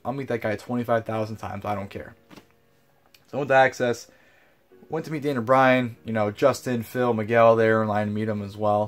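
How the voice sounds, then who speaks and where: Casual young man ranting, profane. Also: fairly low pitch. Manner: frustrated, profane storytelling with lots of fillers. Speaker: vlogger. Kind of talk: casual recap vlog.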